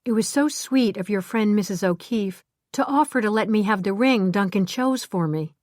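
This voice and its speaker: Female narrator doing a gentle young bride, sweet and even. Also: medium pitch, normal speed, no echo, studio quality, lightly acted.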